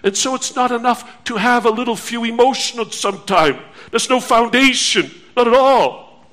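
A man's voice: extremely high pitch, normal speed, a bit bright. A man preaching a sermon, earnest and pleading, repeating phrases for emphasis.

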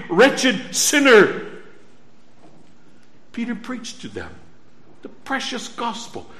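High-voiced man preaching in an echoey room. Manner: earnest, addresses the listeners directly with questions. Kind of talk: sermon.

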